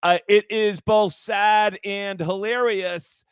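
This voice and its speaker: High-voiced talk show host. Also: male voice, steady tone, slow, smooth, no room sound. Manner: chatty, rambling, with frequent restarts and asides. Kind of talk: casual political talk show.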